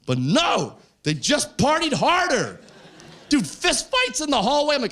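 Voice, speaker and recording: A man from Canada doing stand-up comedy, telling a story with lively jumps into other people's voices. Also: extremely high pitch, moderate pace. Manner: animated storytelling, jumping into voices. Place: stage in front of a live audience.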